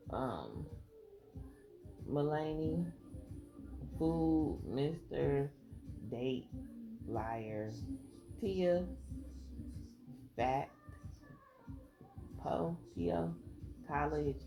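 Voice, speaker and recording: Slow, gravelly woman rambling through tarot. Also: deep voice. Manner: rambling, thinks aloud, swears freely. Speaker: tarot reader. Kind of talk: casual livestream-style tarot reading.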